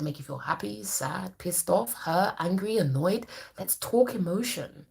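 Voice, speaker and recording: A woman's voice: medium pitch, animated, moderate pace, creaky, hardly any pauses, a little mellow. A woman, a therapist, giving an emphatic, colloquial motivational talk to camera in a preachy manner.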